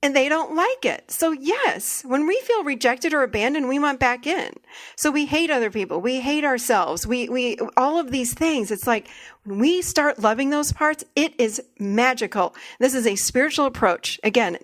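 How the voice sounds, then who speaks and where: A podcast host who is also a therapist chats casually in a higher-pitched voice, captured in a dry recording. She speaks earnestly and with enthusiasm, repeating phrases to drive her points home.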